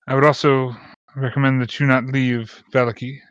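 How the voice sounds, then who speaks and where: A man voicing an older male vampire hunter who speaks in a measured, earnest way. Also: mid-range voice, flat delivery, a bit bright, clean tone, no echo, lightly acted. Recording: muffled lo-fi mic.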